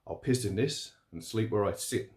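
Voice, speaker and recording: A man voicing a stubborn old male truck driver, gruff and insistent. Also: fairly low pitch, moderate pace, darkish tone, lightly acted. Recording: roomy echo.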